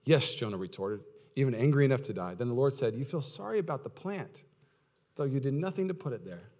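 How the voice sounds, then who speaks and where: A man, preaching a sermon as pastor. His talk is conversational and full of questions to the audience, and he swings from loud, high outbursts to low, quiet stretches. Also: expressive, a little fast.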